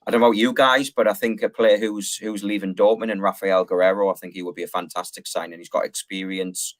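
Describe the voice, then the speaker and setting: A man's voice: fairly low pitch, little pitch movement, fast talker. A man, a guest pundit, giving casual, rambling football opinions with plenty of fillers.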